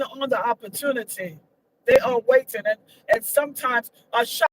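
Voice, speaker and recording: A woman's voice: a little high, moderate pace, no echo, low-quality recording. A woman giving her opinions in a casual vlog, emphatic and repetitive, her voice leaping up when she gets indignant. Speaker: vlogger.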